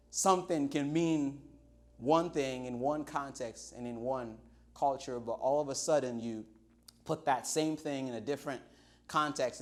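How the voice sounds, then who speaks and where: A middle-aged Nigerian pastor with a Nigerian accent preaches a livestreamed sermon in a mid-range voice. He tells it like an animated story, drawing out words for emphasis.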